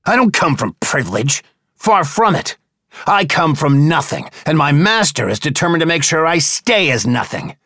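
A man doing a defiant young apprentice locked in a cell, speaking with bitterness and anger. The voice is gravelly and husky with lively, jumping inflection. It sounds dry and close to the mic. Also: on the high side, moderate pace, no room sound, pitched above the performer's own voice, full character voice. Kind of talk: audiobook character voice.

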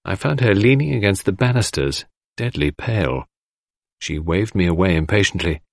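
A man narrates a storybook in a measured, expressive reading. His voice is low, and his pitch rises and falls a lot. The recording is dry and close to the mic. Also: gravelly, dry recording. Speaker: audiobook narrator. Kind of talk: scripted narration.

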